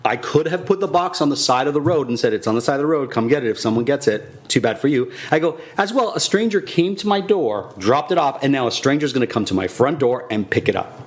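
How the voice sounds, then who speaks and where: Man, podcast co-host, comic storytelling, acts out dialogue, lively swinging pitch, middle pitch. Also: quick pace. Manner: animated, acts out both sides of a conversation. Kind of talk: comedic storytelling chat.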